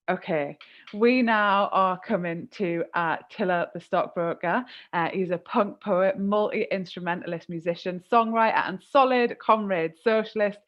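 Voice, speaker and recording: A woman's voice: mid-range voice, muffled recording. A woman hosting a fundraiser livestream from her home, eager and appealing again and again for donations. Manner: warm, eager, repeats appeals, slows down for numbers. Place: home in a village.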